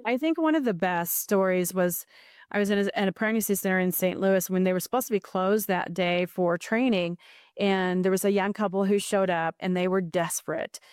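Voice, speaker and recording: A woman's voice: medium pitch, moderate pace, a little mellow, clean tone, dry recording, studio quality. A middle-aged woman, a podcast guest, telling a heartfelt story with earnest emotion and frequent restarts.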